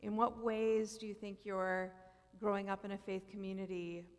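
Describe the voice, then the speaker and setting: A woman's voice: mid-range voice, level tone, moderate pace, smooth. A woman moderating a panel discussion, asking reflective questions in a conversational way. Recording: long church hall reverb.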